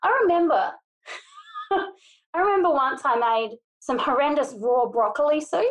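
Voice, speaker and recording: A woman's voice: sits high, huge pitch swings, a little slow. A woman co-hosting a podcast, chatting casually in an exasperated way and laughing easily. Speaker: podcast co-host.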